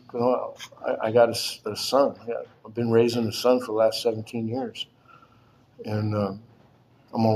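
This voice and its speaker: Middle-aged man, mid-pitched, casual storyteller; loose and repetitive, leans on fillers, soft background hiss. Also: flat delivery, normal speed, rough recording. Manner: rambling, filler-heavy, repeats phrases.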